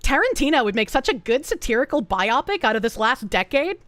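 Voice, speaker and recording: A woman's voice: sits high, sing-song, a bit bright, no room sound. A woman streamer reading out posts to her chat in a casual, profane, exasperated way. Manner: profane, exasperated, quick to gasp and laugh.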